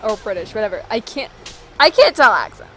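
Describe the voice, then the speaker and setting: A woman's voice: medium pitch, very animated, brisk, over music, low-quality recording. A woman co-commentating a game casually, giggling and reacting with short interjections. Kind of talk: casual gameplay chat.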